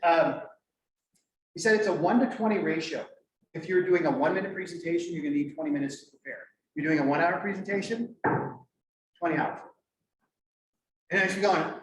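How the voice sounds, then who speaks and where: A middle-aged man presenting at a conference, lively and joking as he quizzes the audience. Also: fairly high pitch, a little fast, pauses often. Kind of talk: interactive workshop talk. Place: conference room. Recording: echoey room, mic far off, faint noise.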